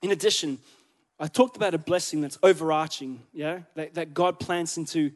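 A man preaches in a church with a high voice. He talks in a chatty, joking way and keeps asking the congregation questions. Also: normal speed. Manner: chatty, joking, asks the crowd. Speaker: pastor. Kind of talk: sermon.

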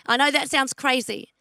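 A middle-aged woman preaching a sermon, earnest, repeating her key questions and slowing down to stress scripture. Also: high-pitched, bright, forceful tone, no echo.

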